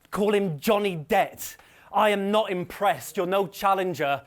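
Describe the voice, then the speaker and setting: A man's voice: sits high, measured pace. A man delivering punchy, taunting rap battle verses at a live event. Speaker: battle rapper.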